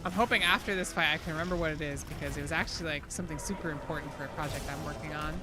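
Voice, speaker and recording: A woman streaming a game, chatting casually and excitably with rambling asides to her viewers. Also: sits low, racing, noisy background. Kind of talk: casual live-stream chat while gaming.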